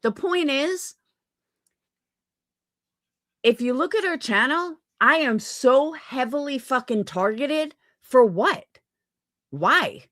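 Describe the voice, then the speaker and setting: A woman's voice: high-pitched, lively intonation, slow, fairly bright tone, no echo. A woman streamer venting in an angry, profane rant on a livestream. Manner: heated, profane, repetitive venting. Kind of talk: angry ranting livestream commentary.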